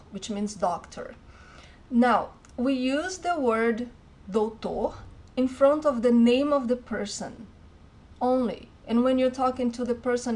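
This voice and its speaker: A woman teaching a language lesson, explaining clearly and patiently, repeating words slowly for learners. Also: fairly high pitch, darkish tone. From Brazil. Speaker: Portuguese teacher.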